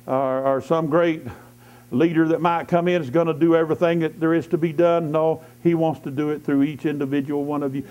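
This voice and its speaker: Fervent high-voiced preacher man. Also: flat delivery, a little fast, darkish tone. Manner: fervent, repetitive declarations punctuated by hallelujahs. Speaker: lay preacher. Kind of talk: evening church sermon. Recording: dull lo-fi church service recording.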